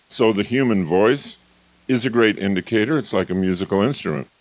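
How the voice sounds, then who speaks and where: A man's voice: on the low side, dry recording, low-quality recording. A man giving a motivational lecture, acting out quoted phrases in contrasting tones. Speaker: motivational speaker.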